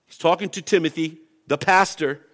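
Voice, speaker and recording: A man's voice: a little high, fairly even intonation, moderate pace, a bit bright. A man preaching a sermon as pastor, impassioned and emphatic, reading scripture and pressing his points.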